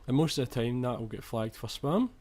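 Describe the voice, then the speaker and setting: A young man commentates over footage of his own football video game, chatty and expressive, restarting sentences and swearing when he gets annoyed. His voice is medium-pitched with a darkish tone, and he talks a little fast.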